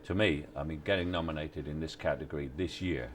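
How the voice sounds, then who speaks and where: A man, giving relaxed, halting interview answers on location at a film set, with many restarts and wry chuckles. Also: a bass voice, slight background noise. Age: 60s. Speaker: actor interviewee.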